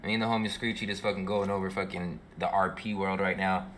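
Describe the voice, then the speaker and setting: A man's voice: low-pitched, flat delivery, quick pace, a bit bright. A young male streamer telling a long story in a slangy, profane, rambling way while he plays. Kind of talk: casual storytelling while gaming.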